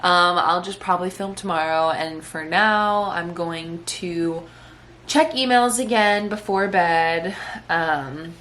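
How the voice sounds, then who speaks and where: A woman's voice: fairly low pitch, takes it slowly, fairly bright tone, slight background noise. A young woman vlogging casually at home about her day, chatty and emotional, saying "like" a lot. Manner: chatty and emotional, heavy use of "like". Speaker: vlogger and podcaster. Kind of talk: casual day-in-my-life vlog talk.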